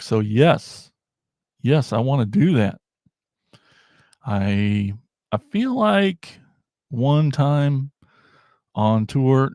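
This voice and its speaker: A man hosting a toy podcast livestream, chatting casually in a rambling, animated way and laughing often. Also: medium pitch, dry recording, clean studio sound. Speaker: podcast host.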